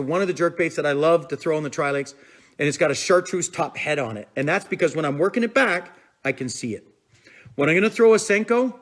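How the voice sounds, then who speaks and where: A man hosts a relaxed fishing-tips live stream, talking in a loose, rambling way. His voice sits a bit higher than most men's. He keeps breaking off to greet viewers and answer their comments. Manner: chatty and rambling, with fillers like "I'm telling you" and "man"; reads out and answers viewer comments as they come in. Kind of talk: casual live-stream chat.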